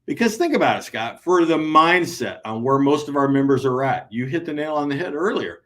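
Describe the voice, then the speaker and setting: A man co-hosting an advice podcast, talking in an animated way, acting out imagined conversations and checking in with "right?". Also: on the high side, fairly quick, few pauses. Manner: peppers sentences with "right?". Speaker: podcast co-host and transition advisor.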